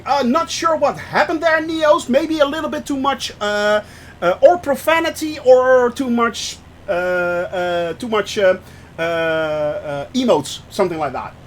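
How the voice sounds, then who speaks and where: A high-pitched man from the Netherlands, chatting live with his viewers while he flies. He gushes, laughs a lot and says things two or three times. A faint hum runs under his voice. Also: a little slow. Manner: effusive, laughs often, repeats phrases. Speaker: streamer. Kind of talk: live-stream chat while flying a sim.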